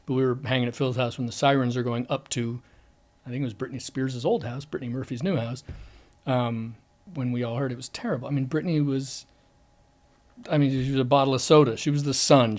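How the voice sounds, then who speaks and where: A man, an actor, speaking candidly in an interview with frequent restarts, sometimes dropping very soft. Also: medium pitch, steady tone, brisk. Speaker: actor guest. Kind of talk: reflective interview.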